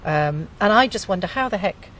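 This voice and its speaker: A woman hosting a group discussion, talking with many pauses and fillers. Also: mid-range voice, animated, fairly bright tone, far from the mic, a little hiss or hum. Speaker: group host.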